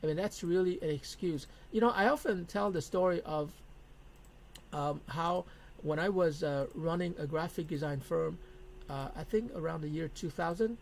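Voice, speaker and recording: A man's voice: on the high side, creaky, a little hiss or hum, rough recording. A middle-aged man teaching a business lesson in a blunt, emphatic way, repeating his key points. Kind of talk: lecture to camera.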